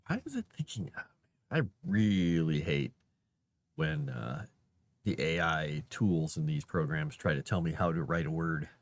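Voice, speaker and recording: A man on a casual livestream, thinking aloud to himself as he formats a document and grumbling at the software. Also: rumbling low, expressive, measured pace, dry recording. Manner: mutters to himself while working, grumbles at software.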